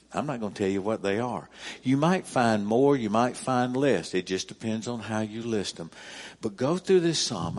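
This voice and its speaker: Low-voiced guy preaching at church, takes his time, repeats stuff for emphasis. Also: darkish tone. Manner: deliberate, repeats key phrases for emphasis. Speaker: pastor. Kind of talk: sermon. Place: church service.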